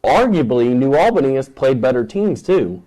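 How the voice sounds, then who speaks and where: A man's voice: mid-range voice, big pitch swings, moderate pace, warm tone, rough recording. Male host, casual sports talk, confident game picks. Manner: rattles off matchups and confident picks.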